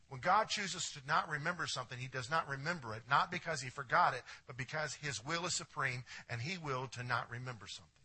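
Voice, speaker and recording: A man preaching a sermon as pastor, swinging from hushed lines to emphatic ones and putting questions straight to his congregation. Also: fairly high pitch, husky. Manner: addresses the congregation directly with questions.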